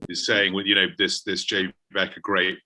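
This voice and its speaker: A man hosting a panel talks with a low but bright, forceful voice. He fires off questions and reads viewer comments in quick succession, steering the talk. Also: monotone. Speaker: host, magazine editor. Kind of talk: moderating a panel.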